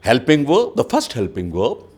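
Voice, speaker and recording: A man teaching a grammar lesson. He explains slowly, reads example sentences aloud and often says "you know". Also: mid-range voice, wildly swooping pitch, darkish tone, husky. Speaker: English teacher.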